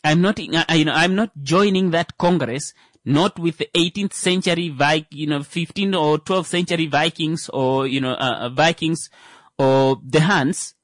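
A man doing a comedic monologue as a comedian, animated and jumping into mocking voices for his bits. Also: fairly high pitch, normal speed, dry recording, studio quality. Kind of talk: stand-up style comedic monologue.

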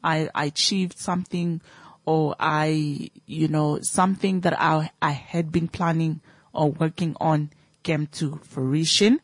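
Woman, radio host, low voice, chatty, dry close sound. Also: fairly even intonation, takes it slowly, no echo. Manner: chatty, many fillers, asks listeners questions. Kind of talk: casual radio talk.

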